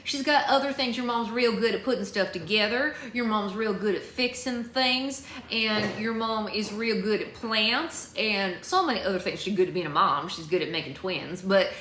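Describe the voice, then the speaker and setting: A woman voicing a folksy grown-up who gently lectures a child, in a drawling, chatty, patient manner. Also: mid-range voice, normal speed, hardly any pauses, a little hiss or hum, close to an everyday voice. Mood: folksy lecturing. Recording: echoey room.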